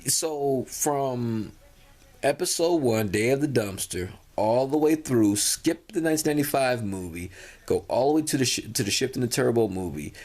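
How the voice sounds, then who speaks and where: A tired man talking casually to his viewers, rambling with many restarts and fillers. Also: medium pitch. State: tired, yawning. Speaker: vlogger. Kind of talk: casual talk to camera.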